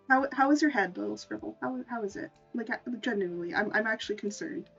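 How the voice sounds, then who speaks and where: A woman's voice: mid-range voice, normal speed, creaky, a bit bright, slightly rough. A woman streamer in casual chat, rambling and stammering through restarts, laughing often. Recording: distant mic, dull lo-fi sound, faint music behind.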